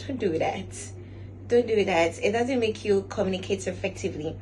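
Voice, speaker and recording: A woman giving measured, instructive lifestyle advice to camera. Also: medium pitch, expressive, a little hiss or hum, poor audio. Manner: measured and instructive, often recaps with "all right". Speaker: lifestyle vlogger. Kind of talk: casual advice talk to camera.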